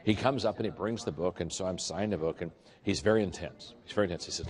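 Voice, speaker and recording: A man giving a leadership keynote, telling stories in an animated way and acting out the quotes. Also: deep voice, quick pace. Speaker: leadership speaker. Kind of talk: keynote storytelling. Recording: echoey hall.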